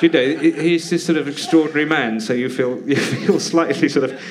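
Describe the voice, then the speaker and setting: A man's voice: fairly high pitch, fairly even intonation, fairly quick, crowd noise. A man telling rambling, self-deprecating anecdotes as a guest on a live podcast, often laughing mid-sentence. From Britain. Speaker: guest comedian and actor. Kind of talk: casual anecdotal chat. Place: theatre stage, live podcast.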